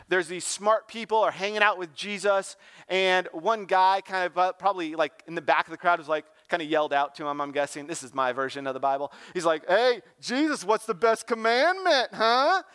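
A man preaching as a youth pastor in a church, loose and joking, tossing in "right?" and "like" as he goes. His voice sits high and comes across smooth and clear. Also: fairly bright tone. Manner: informal and joking, with lots of "like" and "right?". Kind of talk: casual sermon talk.

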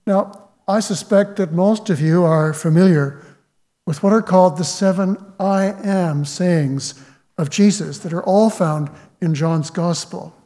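Slow, high-voiced preacher in a reverberant hall. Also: male voice, dark tone. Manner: measured, reflective preaching with quoted scripture. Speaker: pastor. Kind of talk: sermon.

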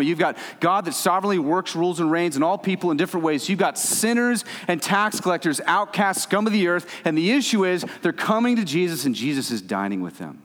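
A man preaching a sermon as pastor, animated and emphatic, swinging between loud stretches and soft, low ones. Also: brisk, hardly any pauses. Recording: reverberant hall.

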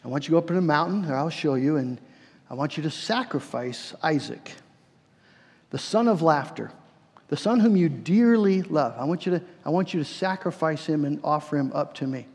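A man preacher voicing God as a solemn, commanding male deity, speaking low and hushed. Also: animated, moderate pace, slightly rough. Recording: long hall reverb.

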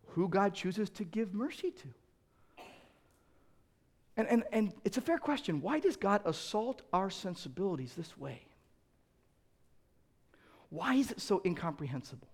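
Male pastor, high-pitched voice, earnest sermon delivery with loud emphatic climbs. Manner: earnest preaching that rises to loud emphatic peaks; repeats words as he restarts.

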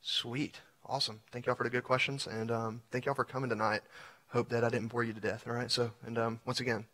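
A man's voice: medium pitch, level tone, a little fast, sharp tone. A male community pastor, teaching in a casual, filler-heavy way and then leading prayer.

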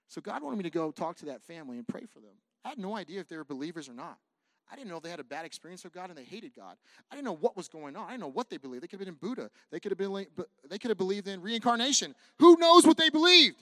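A man from California preaching as a pastor, telling a personal story in an animated way that swings from hushed to loud, with jokes for the congregation. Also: sits high, fast talker, no echo, studio quality. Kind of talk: sermon storytelling.

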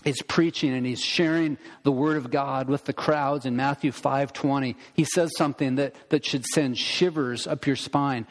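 A middle-aged man preaching a sermon as pastor, telling stories in a conversational, animated way to his congregation. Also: medium pitch, normal speed, hardly any pauses, in a large hall. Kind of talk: sermon with storytelling. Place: church sanctuary.

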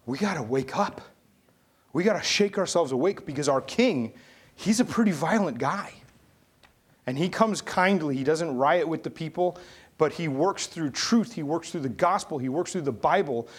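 A man's voice: a little high, husky. Man preaching a storytelling sermon. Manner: storytelling, rising to emphatic exhortation. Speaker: pastor.

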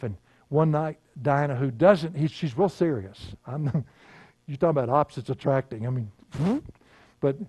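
An older man, preaching a sermon in a folksy storytelling way, laughing often and dropping to a hush. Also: medium pitch, dry recording. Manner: folksy storytelling, laughing, swings from loud to hushed. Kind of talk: sermon with personal stories.

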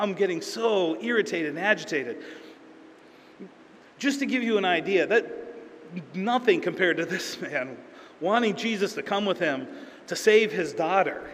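A man delivers a sermon in a casual, story-driven way, slipping into quoted voices as he goes. His voice sits slightly high for a man. It is recorded in a reverberant hall with a faint murmur of room ambience behind it. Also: expressive, normal speed, a bit bright, slight background noise. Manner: conversational storytelling with acted-out quotes. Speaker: pastor.

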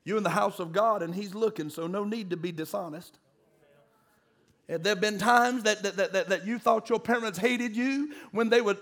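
A middle-aged pastor preaching a sermon, calling out to the congregation and building to emphatic peaks. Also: male voice, sits high, a bit bright. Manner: call-and-response preaching, rising to emphatic peaks.

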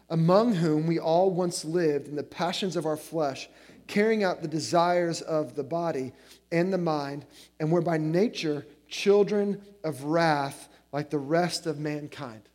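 A man in his forties giving a sermon as a guest preacher, talking in a conversational way with lots of fillers and animated storytelling. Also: fairly high pitch.

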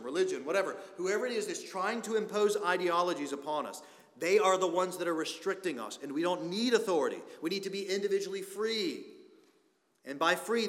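A man's voice: on the high side, a bit bright. A man preaching a sermon as pastor, emphatic and fond of rhetorical questions, recorded in a church sanctuary. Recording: echoey church hall reverb.

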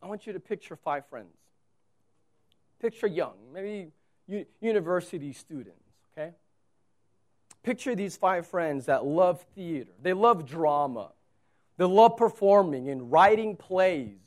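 Preacher, sermon, dramatic, loud then hushed, vivid imagine-this storytelling. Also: mid-range voice, lively intonation, a little slow, pauses often. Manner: asks the listeners to imagine scenes. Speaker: pastor.

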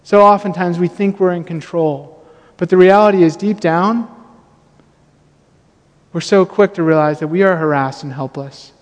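High-voiced pastor telling a sermon story. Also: male voice, moderate pace, pauses often. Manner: self-deprecating storytelling, animated quoted asides. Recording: long reverb of a church hall.

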